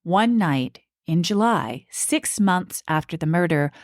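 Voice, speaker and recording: Podcast co-host, female, lowish register, dead-dry read, chatty true-crime narration. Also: animated, takes it slowly, dry recording. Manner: tells the story from notes, chatty asides. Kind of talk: casual true-crime storytelling.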